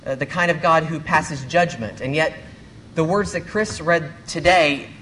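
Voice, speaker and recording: A man delivers a sermon to a church congregation, earnest and measured, asking rhetorical questions as he goes. His voice sits a little higher than most men's. A faint hiss lies under the recording. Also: a bit bright. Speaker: pastor.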